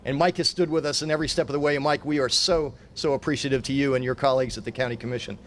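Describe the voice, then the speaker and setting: A man's voice: mid-range voice, fairly even intonation, racing, a little hiss or hum. A middle-aged man, a mayor, giving a formal public speech with emphatic, repetitive phrasing.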